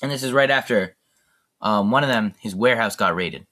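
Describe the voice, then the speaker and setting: A young man hosts a solo podcast, chatting with enthusiasm and rambling through plenty of fillers. His voice is fairly low in pitch, brisk, pushed and bright.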